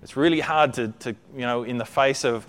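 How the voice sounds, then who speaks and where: Smooth-voiced preacher, conversational. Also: male voice, mid-range voice, brisk. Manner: chatty, checks in with listeners often; repeats words while building a point. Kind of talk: conversational sermon.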